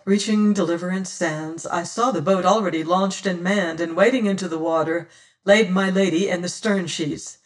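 A man's voice: high-pitched, fairly even intonation, moderate pace. A man narrating an old-fashioned adventure novel in first person, in a solemn storytelling manner. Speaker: audiobook narrator.

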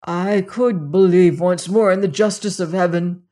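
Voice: medium pitch, fairly even intonation, measured pace, mellow, lightly acted. A narrator voicing an older male doctor, grave and urgent, speaking in terse exclamations in an audiobook. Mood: prayerful. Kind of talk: audiobook character reading.

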